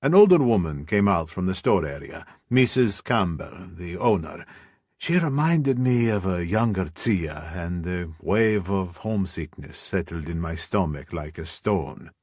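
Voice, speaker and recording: A man reading a first-person audiobook in a measured, brooding way on a close studio mic. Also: low-pitched, lively intonation, darkish tone, husky, dry recording. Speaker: audiobook narrator.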